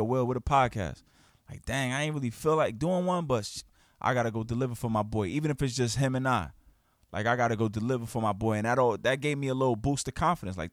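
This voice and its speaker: A man hosting his own podcast, talking in an animated, emphatic, slangy way and acting out quoted friends. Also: medium pitch, no echo, clean studio sound. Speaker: podcast host. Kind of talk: casual podcast monologue. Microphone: studio podcast mic.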